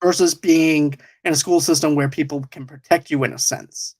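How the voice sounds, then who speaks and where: A man's voice: a little high, steady tone, moderate pace, darkish tone. A man hosting a podcast in casual chat, rambling and restarting his sentences with frequent chuckles. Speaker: podcast host.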